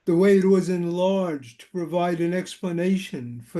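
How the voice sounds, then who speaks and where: A man, a regular on the show, reading a short cryptic poem in a deadpan way. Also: sits high, normal speed. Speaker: regular reader. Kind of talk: poetry reading.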